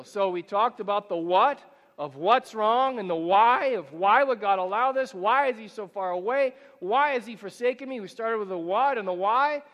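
High-voiced pastor preaching in a reverberant hall. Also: male voice, a bit bright, dull audio. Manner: rhetorical questions, slows and rises for scripture. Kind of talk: sermon. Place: church sanctuary. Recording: church hall with long reverb.

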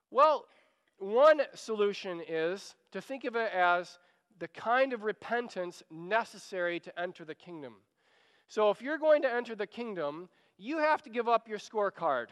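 High-voiced man preaching in a hall. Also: lively intonation, measured pace, fairly bright tone. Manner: earnest, urging, repeats phrases when pleading. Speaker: pastor. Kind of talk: sermon.

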